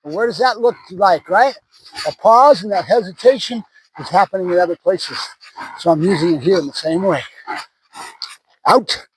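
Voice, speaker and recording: A man's voice: high-pitched, brisk, background noise. A man who trains dogs, talking casually to the camera outdoors between words of praise to a puppy. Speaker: dog trainer.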